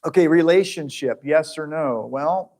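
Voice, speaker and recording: A man's voice: on the high side, unhurried, darkish tone. A man giving a conversational Bible teaching to viewers at home, asking the audience questions and restarting phrases as he goes.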